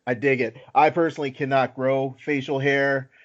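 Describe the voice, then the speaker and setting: A man's voice: mid-range voice, level tone, normal speed. A man hosting a casual podcast chat, easygoing and self-deprecating, with lots of filler words. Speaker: podcast host. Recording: slightly dull lo-fi audio.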